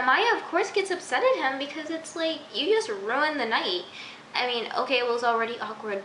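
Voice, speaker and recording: A woman's voice: fairly high pitch, sharp tone. A young woman recapping a TV episode in a chatty, giggly way, full of "like" and "you know". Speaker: TV episode reviewer. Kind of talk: casual recap vlog. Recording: echoey room with faint hiss.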